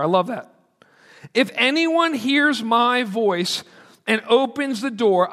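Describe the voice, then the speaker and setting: The sound of a long, reverberant hall fills this recording of a pastor preaching to his congregation. His voice is very high, bright, and pushed, and he acts out quoted lines in an earnest, conversational manner.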